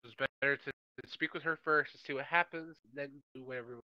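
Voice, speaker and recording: A man's voice: medium pitch, steady tone, brisk, dull audio, noisy background. A man playing a tabletop game, chatting casually and joking with the table. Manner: joking and playful. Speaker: player.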